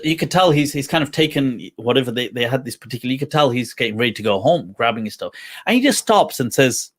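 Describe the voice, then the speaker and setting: A man hosting a talk show, telling a personal story in a casual, animated way with frequent laughter. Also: medium pitch. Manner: animated, laughs often, acts out quoted voices. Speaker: host.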